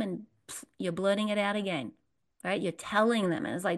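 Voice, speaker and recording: A woman leads a spiritual workshop, talking straight to the people in the room. She is earnest and repeats her phrases, asking questions of her listeners. Her voice sits at a middling pitch. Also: moderate pace, gravelly. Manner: earnest, repetitive, asks the audience questions. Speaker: workshop leader. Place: workshop room with a live audience.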